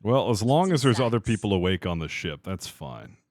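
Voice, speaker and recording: A man streaming a game live, talking to his crew and chat, swearing freely and quick to vent his frustration. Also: fairly low pitch, big pitch swings, darkish tone, no echo, studio quality. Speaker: livestreamer. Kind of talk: live gaming commentary.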